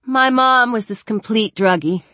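A woman's voice: a little high, measured pace, a bit bright, no room sound, pitched above the performer's own voice. Woman voicing a blunt teenage girl. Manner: blunt and chatty, swearing casually.

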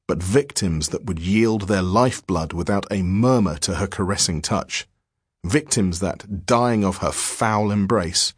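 A man narrating a diary-form horror story in a measured, grave manner. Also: low-pitched, slightly rough, no echo, studio quality.

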